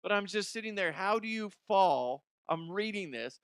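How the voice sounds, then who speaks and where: A middle-aged man runs through odd news stories as a comedy host, animated and profane, often laughing at his own jokes. His voice sits a little higher than most men's. The sound is close and dry. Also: normal speed, clear, resonant tone, no room sound. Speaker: podcast host.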